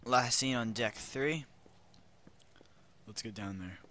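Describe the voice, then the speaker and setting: Young male gamer, playful commentary, very bright tone, sudden loud bursts. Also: medium pitch, slow. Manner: goofy, jumps from mutters to loud outbursts. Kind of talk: let's play commentary.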